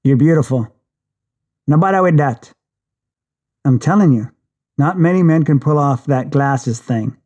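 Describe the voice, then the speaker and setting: A man's voice: a little high, lively intonation, measured pace, long pauses, a little mellow, dull audio. A man reading an audiobook in a wry, conversational way. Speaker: audiobook narrator.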